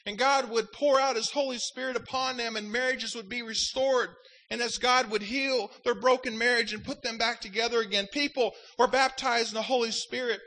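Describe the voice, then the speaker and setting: A man's voice: very high voice, steady tone, normal speed, sharp tone, poor audio. A man pastor preaching a sermon, fervent in delivery and breaking into wry joking asides.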